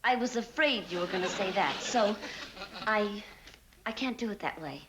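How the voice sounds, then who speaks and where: An actress playing an earnest, stammering young actress in a 1960s sitcom. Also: female voice, medium pitch, expressive, moderate pace, a bit bright, a little hiss or hum, close to an everyday voice. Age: young adult.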